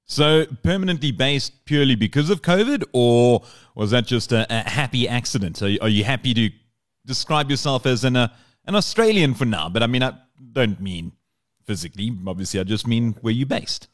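A man's voice: mid-range voice, animated, moderate pace. A man hosting a podcast interview, speaking with many hesitations and careful questions. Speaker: podcast host.

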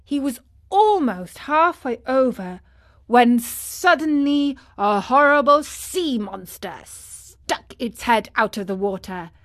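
Slow, calm woman storyteller. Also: a little high, dry recording, clean studio sound. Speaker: narrator. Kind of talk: audiobook narration of a children's classic.

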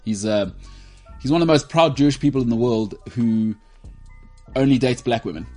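A man's voice: mid-range voice, animated, moderate pace, a little mellow, soft background music. A man hosting a casual sports chat, rambling and teasing his co-host with jokes. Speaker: podcast host.

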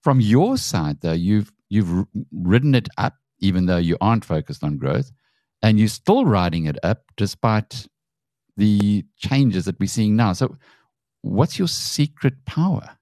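Deep-voiced South African interview host. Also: male voice, animated, measured pace, mellow, dry recording, studio quality. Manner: friendly, long winding questions. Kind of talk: conversational interview.

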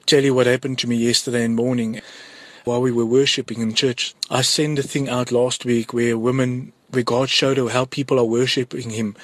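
A man with a South African accent tells his testimony in an earnest, pressing way and keeps repeating key words. His voice is husky, and his pitch sits in the middle. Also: level tone, brisk, fairly bright tone, dry recording. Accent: South African English. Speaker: churchgoer giving a testimony. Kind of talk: personal testimony of a vision.

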